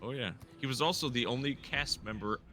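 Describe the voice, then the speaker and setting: A man's voice: medium pitch, fairly quick, sharp tone. A man in casual gaming chat, telling rambling stories with frequent restarts.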